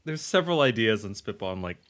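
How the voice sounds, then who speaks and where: A man in casual chat, making animated wisecracks. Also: lowish voice, fast, no echo.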